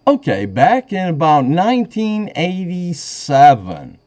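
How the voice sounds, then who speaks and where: Calling the sheriff's office to push a complaint, a man speaks slowly in a fairly high, darkish voice with huge pitch swings. His rambling, agitated talk shifts between indignation and choked-up emotion, captured on his end as a dull lo-fi phone recording.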